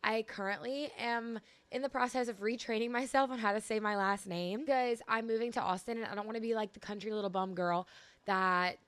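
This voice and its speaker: A woman's voice: fairly high pitch, brisk, a bit bright, no echo. Chatty Louisiana woman with a twang. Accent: Louisiana country twang. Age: 20s. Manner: chatty, sassy, rambling with many likes. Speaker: podcast host. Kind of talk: casual solo podcast chat. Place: home room with washer and dryer running.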